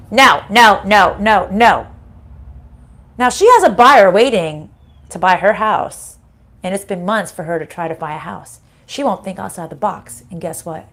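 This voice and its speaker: Speaking at a measured pace, this American tarot reader has an expressive, somewhat bright mid-range voice picked up by a desk mic. Her casual reading is full of blunt talk, free swearing, and frequent laughter.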